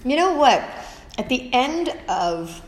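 A woman's voice: high voice, slow pace. A woman, telling stories as a podcast guest with dramatic emphasis. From Staten Island, New York. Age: 40s. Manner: animated storyteller, dramatic emphasis. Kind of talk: casual chat. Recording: echoey room with long reverb and faint noise.

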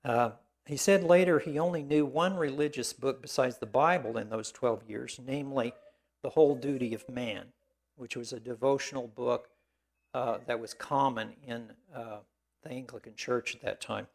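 Gravelly-voiced man giving a halting sermon. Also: medium pitch. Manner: halting, many fillers and restarts; dry asides. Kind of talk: biographical sermon.

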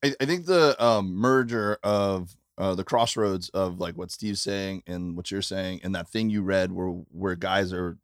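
Man, comedian guest, rambling with restarts, lowish voice, dry sound. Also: no room sound. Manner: rambling, halting restarts with fillers. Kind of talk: casual chat. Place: tour bus.

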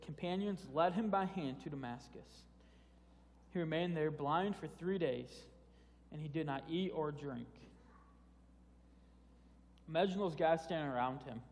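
A man's voice: fairly high pitch, vocal fry, a little mellow. A man preaching a sermon in a casual, conversational way, often restarting phrases and repeating words. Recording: long hall reverb.

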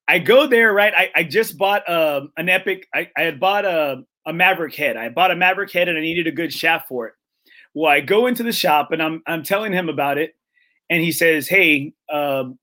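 A podcast host with a fairly high, bright, forceful voice tells a story in casual chat, filling it with fillers, performing the quoted lines, and frequently checking in with "right?"

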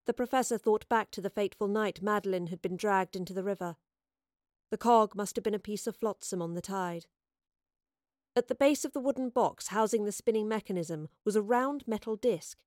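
A woman reads an audiobook story in a measured, expressive way, her voice medium in pitch. The recording is dry, with clean studio sound.

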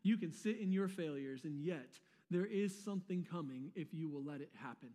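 A pastor with a high, bright-toned voice preaches a sermon at normal speed, and a large church hall gives his words a long reverb. His delivery is casual and conversational, full of slangy asides and repeated words.

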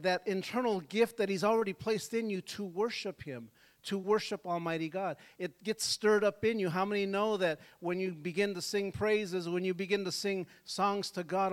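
High-voiced pastor telling a story. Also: male voice, steady tone, moderate pace. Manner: storytelling preacher, swings from soft to shouting; calls for congregation responses. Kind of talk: sermon. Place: church service.

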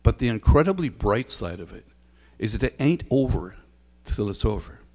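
A man's voice: lowish voice, very animated, moderate pace, darkish tone. A man preaching a sermon as a pastor, talking conversationally with frequent ums and a repeated refrain. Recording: long hall reverb.

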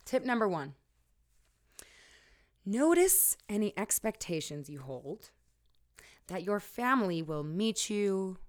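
A woman hosting a podcast, giving candid, casual coaching advice with frequent laughs and casual swearing. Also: fairly low pitch. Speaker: podcast host.

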